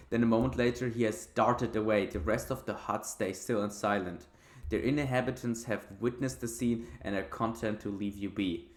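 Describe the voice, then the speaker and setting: A man's voice: medium pitch, roomy sound. A man hosting a let's play, reading game text aloud and breaking into casual, swear-filled commentary and laughter. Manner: swears freely, laughs at the story.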